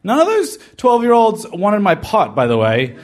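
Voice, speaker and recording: A man's voice: sits high, wildly swooping pitch, moderate pace, a little mellow, slight background noise. A man telling a personal story, wry and self-deprecating, in a confessional way. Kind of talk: personal story told to a live podcast.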